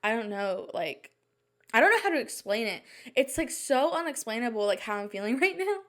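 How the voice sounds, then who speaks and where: A woman's voice: on the high side, sing-song, brisk, fairly bright tone. Flustered young woman rambling anxiously. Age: young adult. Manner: rambling, flustered, many "like" fillers and restarts. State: anxious and shaken. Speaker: podcast host. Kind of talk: casual solo chat. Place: at home at night.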